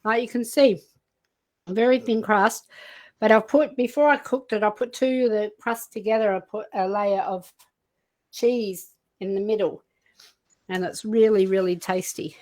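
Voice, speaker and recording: A woman's voice: mid-range voice, moderate pace, darkish tone, low-quality recording. An Australian woman hosting a live cooking stream, chatting casually, reading out viewer comments and laughing easily.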